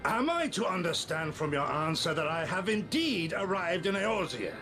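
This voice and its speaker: A man's voice: high voice, very animated, normal speed. An actor playing a formal, pompous male traveler who has just arrived by sea, speaking with a stilted French accent. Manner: stilted, overly formal delivery. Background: game music.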